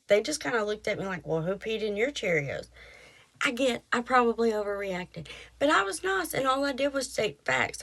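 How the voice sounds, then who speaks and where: Woman, middle-aged, podcast host, casual storytelling, animated. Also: medium pitch. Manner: chatty, animated retelling with quoted voices.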